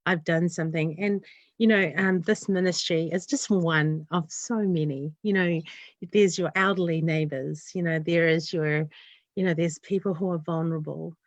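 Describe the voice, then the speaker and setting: A woman's voice: on the low side, steady tone, normal speed, dry recording. A woman, a community developer talking in an earnest, heartfelt way in an interview. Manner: earnest, heartfelt, rambling run-on thoughts. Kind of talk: casual interview chat.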